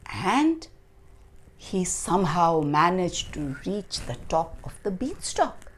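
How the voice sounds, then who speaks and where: Slow, expressive woman storyteller. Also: on the low side, a little hiss or hum. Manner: expressive, slow, dramatic storybook reading with sound effects. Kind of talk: children's storytelling.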